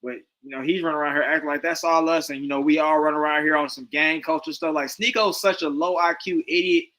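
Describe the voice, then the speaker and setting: A man's voice: on the high side, steady tone, fast, pushed and bright, rough recording. A man giving loose, rambling commentary with lots of slang and fillers. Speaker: stream host reacting to a debate. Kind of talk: casual commentary.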